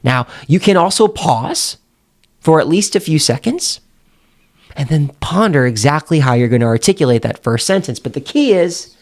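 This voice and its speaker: A man teaching confident speaking as a coach, pausing for effect and acting out example sentences. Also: medium pitch. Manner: demonstrates intonation with example sentences; emphatic, pauses for effect. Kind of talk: instructional talk.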